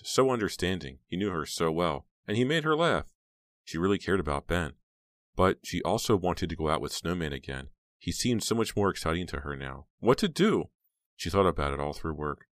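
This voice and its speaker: A man reads a horror audiobook in a measured, dramatic way. His voice is extremely low and sits close and dry. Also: fairly bright tone, dry recording. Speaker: audiobook narrator. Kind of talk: scripted narration.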